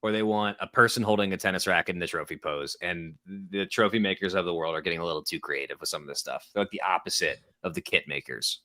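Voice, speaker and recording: A man with a fairly low voice co-hosts a live tennis watchalong, chatty and full of strong opinions. His recording is dry and close, with no room echo. He breaks into laughter often. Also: quick pace, hardly any pauses, pushed and bright. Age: young adult or middle-aged parent of an infant. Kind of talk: casual live sports commentary.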